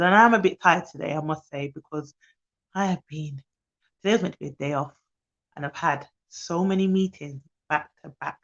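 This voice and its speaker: A woman who works as a nanny gives chatty, fast-talking advice on a live stream while tired. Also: low-pitched, muffled recording.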